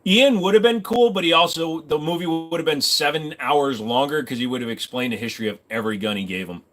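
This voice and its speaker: A man's voice: a little high, fast, fairly bright tone. A man hosting a casual livestream from his home computer desk, rambling, joking and swearing freely. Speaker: livestream host.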